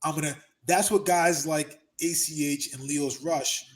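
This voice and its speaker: A middle-aged man talks through a relaxed podcast conversation with a voice pitched a bit high for a man. He tells stories with lots of energy and loudly acts out what other people said. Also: measured pace. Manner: animated storyteller, acts out quotes loudly. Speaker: podcast host. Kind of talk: casual chat. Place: Los Angeles.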